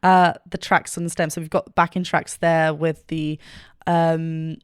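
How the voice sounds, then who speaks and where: A woman's voice: low voice, little pitch movement, unhurried, clear, resonant tone, dry recording, studio quality. A woman vocal coach reacting to a performance and analyzing it, enthusiastic and technical, now and then singing short vocal demonstrations.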